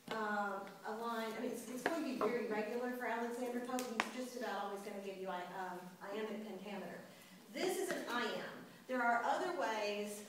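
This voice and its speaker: Teacher woman in an echoey classroom. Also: on the high side. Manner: chatty, checks in with "okay?" often. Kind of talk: classroom lecture. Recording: echoey classroom from far off, hiss.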